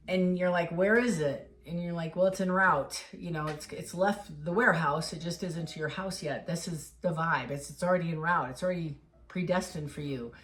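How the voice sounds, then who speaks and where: A woman giving a casual tarot reading, talking straight to the viewer in an encouraging, emotional way. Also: fairly low pitch. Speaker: tarot reader.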